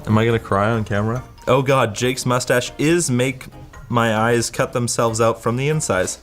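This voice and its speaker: A man's voice: mid-range voice, normal speed, faint music behind. A man reading viewer comments aloud in a mock-dramatic, amused way. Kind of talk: casual reading aloud with reactions.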